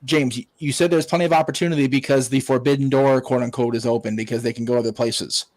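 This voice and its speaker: A man's voice: mid-range voice, steady tone, quick pace, darkish tone, dry recording, poor audio. A man hosting a wrestling watch-along, ranting casually with profanity and stammered restarts. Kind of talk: casual online chat.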